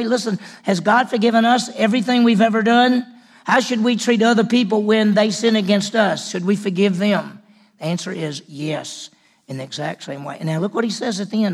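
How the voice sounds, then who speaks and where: A man preaching a sermon in a high, gravelly voice with a husky edge. He leans hard on some lines and drops others to a hushed near-whisper. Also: fairly quick. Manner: dramatic swings from loud emphasis to hushed near-whisper. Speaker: pastor.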